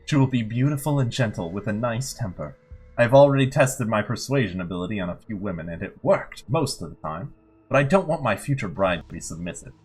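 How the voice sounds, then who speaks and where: A man reads aloud as an obsessive vampire keeping a diary, low-pitched and deliberate. The read carries lively swings in pitch, with faint music in the background. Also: breathy edge.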